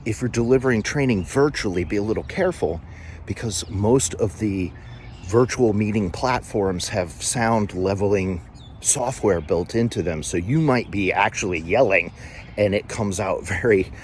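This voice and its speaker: A man teaching as a corporate trainer, talking to the camera and stressing key words with deliberate pauses. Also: fairly low pitch, darkish tone, a little hiss or hum. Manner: emphatic, varies volume and pauses for effect. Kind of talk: instructional talk to camera.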